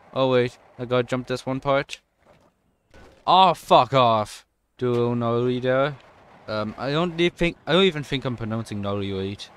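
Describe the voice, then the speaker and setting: A young man with a non-American English accent doing casual let's-play commentary, chatty and excitable, swearing and yelping at in-game mishaps. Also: medium pitch, smooth. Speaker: gaming YouTuber.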